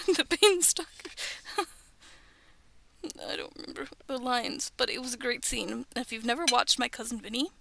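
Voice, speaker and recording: A woman's voice: on the high side, moderate pace, gravelly, long pauses, sharp tone, no echo. A young woman streaming from her bedroom, chatting in a rambling, giggly way that often drops to a whisper. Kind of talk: casual chat on a livestream.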